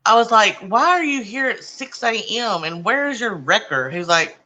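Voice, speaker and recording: A woman with a very bright, edgy voice chats casually as host. She tells her stories in an animated way and plays out each quoted line with its own voice. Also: medium pitch, normal speed, few pauses, poor audio. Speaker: channel host. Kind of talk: casual chat.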